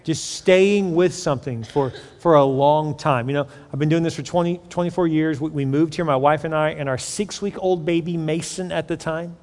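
High-voiced pastor preaching in a hall. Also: male voice, steady tone, moderate pace, hardly any pauses, darkish tone. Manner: conversational, asks the congregation questions. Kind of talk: sermon. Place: large church sanctuary. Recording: long hall reverb.

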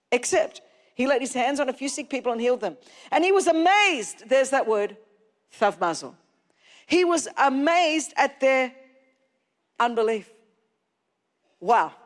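High-voiced woman preaching in a hall. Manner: emphatic, stretching key words and rising to shouts. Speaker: pastor. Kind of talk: sermon. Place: church hall.

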